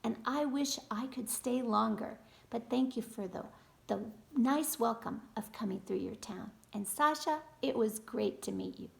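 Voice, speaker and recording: A woman voicing a friendly, gentle male singer greeting his fans. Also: fairly high pitch, measured pace, vocal fry. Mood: kind. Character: kind adult male touring singer, warm-hearted.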